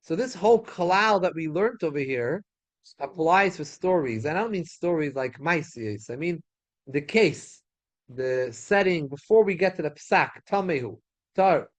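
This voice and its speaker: A man teaching a Talmud class as a rabbi, animated, repeating his points and asking rhetorical questions. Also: on the high side, a little slow. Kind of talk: Torah class lecture. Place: synagogue study hall.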